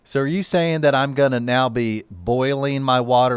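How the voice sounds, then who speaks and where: A man's voice: medium pitch, moderate pace, smooth, no room sound. Male news anchor, casual and jokey, dry close studio mic. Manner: chatty, jokey interviewer. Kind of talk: broadcast interview.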